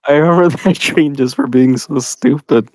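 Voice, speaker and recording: A man's voice: fairly high pitch, normal speed, a little mellow, no echo. A man chatting casually on a podcast, rambling with lots of fillers and frequent laughs. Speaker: podcast host. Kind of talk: casual chat.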